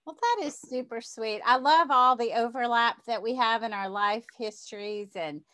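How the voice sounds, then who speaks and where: Southern woman, podcast host, bubbly and upbeat, a bit high-voiced. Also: moderate pace, pushed and bright. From Louisiana, US South. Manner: bubbly, enthusiastic, laughs often. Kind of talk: casual interview chat.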